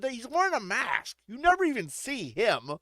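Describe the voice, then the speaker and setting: Brief: lively-pitched streamer, crude jokes, dry close sound. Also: normal speed, no room sound. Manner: crude, joking, frequently laughing. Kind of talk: casual gameplay commentary.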